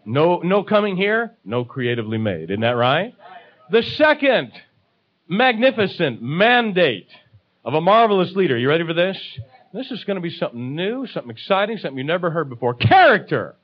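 Man, preacher, sermon, high voice, animated, emphatic, call-and-response. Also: fairly quick, dull audio. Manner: emphatic, repeats key phrases, calls for audience responses.

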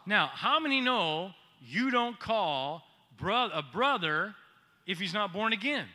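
A high-voiced man preaches at a moderate pace. As pastor, he keeps the sermon animated, teasing the congregation and asking them things directly.

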